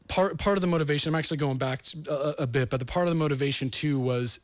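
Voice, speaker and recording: A man's voice: on the high side, quick pace, no echo. A man from the United States hosting a talk show, delivering an earnest, rambling monologue that turns emotional. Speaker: host.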